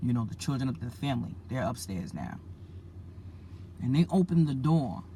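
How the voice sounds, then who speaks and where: A woman's voice: very deep voice, lively intonation, normal speed, mellow, slight background noise. A woman preacher earnestly retelling a dream to her listeners, repeating herself and calling them family. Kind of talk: spoken religious message.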